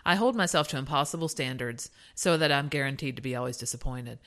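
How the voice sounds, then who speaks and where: A woman's voice: a bass voice, quick pace, fairly bright tone. A woman co-hosting a podcast in casual chat, talking candidly and reflectively, with casual swearing. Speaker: podcast co-host.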